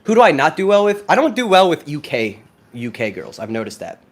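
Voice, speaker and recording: A brash young American man talking casually into his phone, profane and excitable as he answers viewer questions. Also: on the high side, a little fast. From United States. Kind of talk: casual vlog talk.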